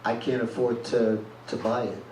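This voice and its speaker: Cold, stubborn young woman breaking up, read by a man in his own voice, flat and insistent; echoey room, distant mic, noisy. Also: mid-range voice, normal speed, lightly acted.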